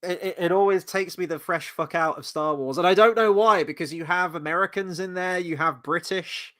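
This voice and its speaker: A man hosting a casual review chat, animated and rambling, swearing freely as he talks. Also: high-pitched, moderate pace. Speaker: host.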